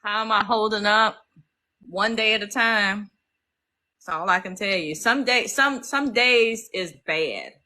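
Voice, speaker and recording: A woman's voice: medium pitch, measured pace, bright, forceful tone, low-quality recording. A middle-aged woman, hosting a casual livestream and talking emotionally to her viewers. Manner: emotional, talks straight to viewers as y'all. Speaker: livestream host.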